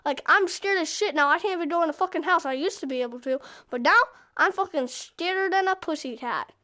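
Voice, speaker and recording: A young woman loudly commenting on her VR game, swearing often and breaking into frustrated yelling. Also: extremely high pitch, fairly quick. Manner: loud, profane, swings into shouting frustration. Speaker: VR gamer. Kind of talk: casual gameplay commentary.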